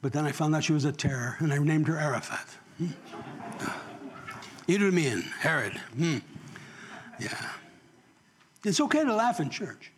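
A man's voice: a little high, lively intonation, normal speed, long pauses, a little hiss or hum. A male pastor giving a conversational sermon in church, often asking the congregation questions and joking.

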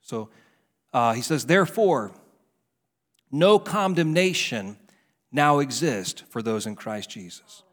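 A man preaching a fervent sermon as pastor at a church service, rising high and loud when stirred, then dropping back to a conversational tone. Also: expressive, slow pace, long pauses.

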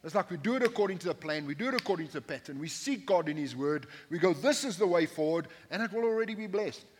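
A pastor with a high, lively voice preaches quickly from the pulpit of a church sanctuary, emphatically repeating key phrases and tossing joking asides to the congregation. The recording has a long hall reverb.

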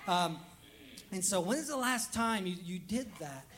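A man's voice: sits high, animated, measured pace, fairly bright tone. A man pastor preaching a conversational sermon to a congregation, acting out quoted voices and laughing at himself. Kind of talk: lively sermon. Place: church sanctuary.

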